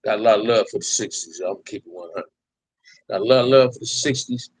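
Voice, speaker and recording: Speaking quickly in a lowish voice against a noisy background, a Compton man hosts a casual live stream, responding to viewers' comments with relaxed slang and a habitual closing "man."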